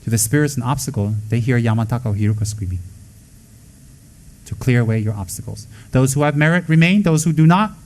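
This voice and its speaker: Speaking at medium pitch, this man sounds expressive and brisk as he gives a loose, unscripted Buddhist teaching. Bluntness and emphasis mark his delivery; he asks himself rhetorical questions, answers them, and teases his listeners with jokes.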